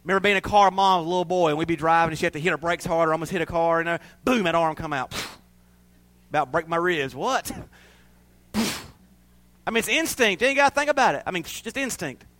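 Folksy high-voiced male preacher. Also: a little fast, fairly bright tone. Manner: folksy, storytelling, laughs at himself. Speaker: pastor. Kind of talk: sermon.

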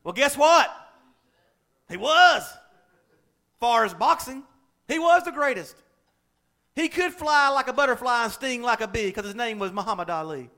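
A man preaching a folksy, lively sermon as pastor, laughing and acting out everyday examples. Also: extremely high pitch, moderate pace, pauses often.

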